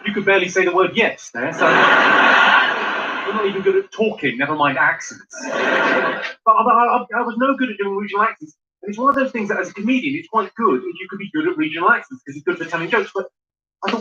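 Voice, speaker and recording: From a comedy club stage, a man performs a dry, crude stand-up routine and teases the crowd. His voice sits high and moves at a quick pace. The live recording is muffled and noisy.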